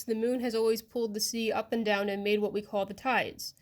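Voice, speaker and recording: A woman reading a classic children's fable aloud, expressive and addressing the listener directly. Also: medium pitch, brisk. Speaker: storyteller.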